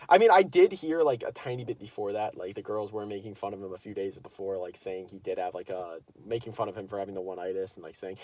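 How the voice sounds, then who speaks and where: A teenage boy telling a story in a casual vlog, rambling, swearing constantly and filling every pause with "like". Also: on the low side, darkish tone, dry recording. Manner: rambling, profane, full of "like" fillers.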